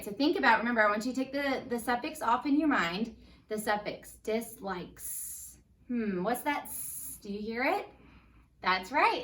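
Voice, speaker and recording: A woman teaching a first grade phonics lesson, upbeat and patient, sounding out words slowly for young children. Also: fairly high pitch, a bit bright, distant mic.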